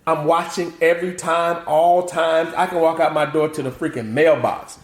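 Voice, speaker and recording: A middle-aged man from the American South tells stories in a casual interview, voicing his relatives and laughing along. His voice sits a little high for a man. The room is noticeably echoey. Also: moderate pace. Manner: animated, acts out family quotes, laughs often. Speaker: guest, author and motivational speaker. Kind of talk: casual interview chat, storytelling.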